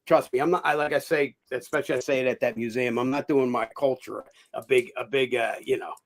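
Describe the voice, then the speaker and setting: A middle-aged man with a gravelly, creaky voice, talking as an interview guest. He rambles through his stories full of fillers, restarts and casual swearing, at a middle pitch. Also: steady tone, brisk. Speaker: guest, actor and former boxer.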